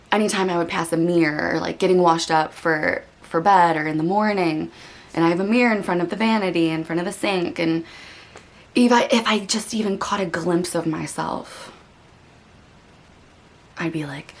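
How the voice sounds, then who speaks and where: A woman hosting a meditation channel talks candidly to the camera, earnest and reflective, with lots of "like" and "you know", and at times she is close to tears. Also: fairly low pitch. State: getting emotional. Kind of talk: candid personal talk to camera.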